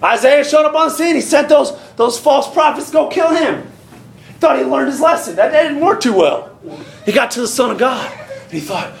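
A man preaching in a church, with a high, gravelly voice and a folksy, animated delivery. The room is echoey, and the congregation answers him with amens. He keeps slipping into little acted-out voices to drive his points home. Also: fairly quick, slight background noise. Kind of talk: sermon. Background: congregation calling out amens.

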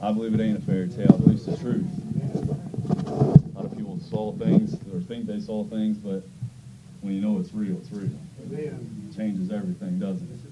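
A man's voice: lowish voice, little pitch movement, brisk, pauses often, highs cut off, heavy background noise. A man pastoring a church service, talking in a folksy, conversational way and praying with rising fervor, while his voice is going. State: losing his voice. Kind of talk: church service, singing, prayer and announcements.

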